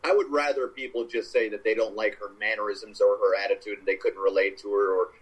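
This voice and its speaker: A man's voice: lowish voice, fairly even intonation, fast, husky, low-quality recording. A man co-hosting a podcast, giving rambling, joking opinions in casual chat. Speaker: podcast co-host.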